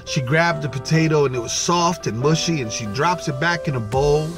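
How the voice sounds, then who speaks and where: Man with a high voice, casual vlog storyteller, animated and chatty. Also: normal speed, over music. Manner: casual, animated, repeats "right?".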